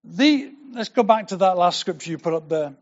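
A man's voice: high-pitched, expressive, moderate pace, muffled recording. An older man preaching a sermon as pastor, earnest and building to emphatic declarations.

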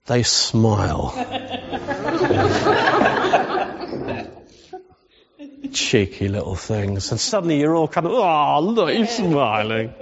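A man preaching a sermon in a humorous, conversational way, often asking the congregation questions. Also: mid-range voice. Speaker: pastor. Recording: dull sound with long hall reverb.

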